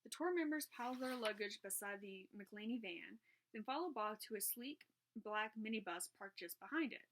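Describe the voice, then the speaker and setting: Woman reading a kids mystery book out loud, medium pitch, steady. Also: moderate pace. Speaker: narrator reading a children's mystery book aloud. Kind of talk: reading aloud.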